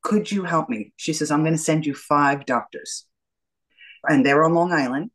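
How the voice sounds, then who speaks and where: A woman's voice: deep voice, normal speed, rough recording. A middle-aged woman, a guest telling her story in an interview and acting out the dialogue. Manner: animated storyteller, acts out the dialogue.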